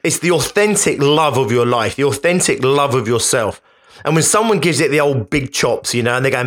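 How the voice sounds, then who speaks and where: A man's voice: a little high, animated, a little fast, fairly bright tone. A man hosting a podcast, speaking in an emphatic, conversational motivational monologue that often repeats itself. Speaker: podcast host.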